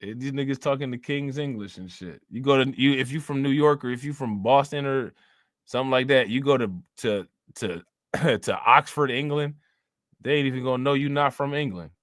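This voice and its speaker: A man's voice: medium pitch, a little fast, dry recording, clean studio sound. A man hosting a live stream, talking loosely and profanely, laughing often and repeating himself. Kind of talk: casual live-stream commentary.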